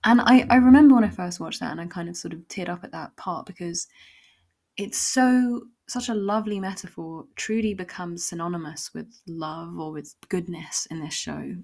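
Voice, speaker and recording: A woman's voice: on the low side, moderate pace, gravelly, darkish tone. A woman hosting a solo podcast, talking in a reflective, meandering way with many fillers and restarts. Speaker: podcast host. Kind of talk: casual solo podcast ramble.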